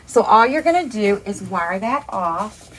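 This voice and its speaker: A woman's voice: mid-range voice, animated, unhurried, low-quality recording. A woman talks through a hands-on craft demonstration, one step at a time. Her delivery is chatty and upbeat, and she often stops to point out the cute details. There is a faint noise floor under her voice. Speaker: craft instructor.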